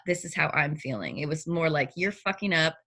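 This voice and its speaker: Animated woman telling a story, bright voice. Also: low-pitched, fairly quick. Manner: animated, acts out her own reactions in quotes. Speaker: storyteller in a personal conversation. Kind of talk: casual chat.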